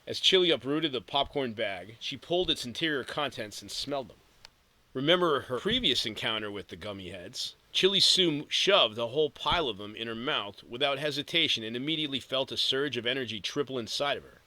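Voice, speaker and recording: A man narrating an audiobook in a steady storytelling read with vivid emphasis. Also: medium pitch, fairly quick, no room sound, rough recording.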